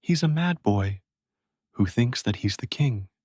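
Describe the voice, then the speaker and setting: A man reading a storybook and voicing a calm, commanding knight. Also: medium pitch, measured pace, slightly rough, no room sound, studio quality.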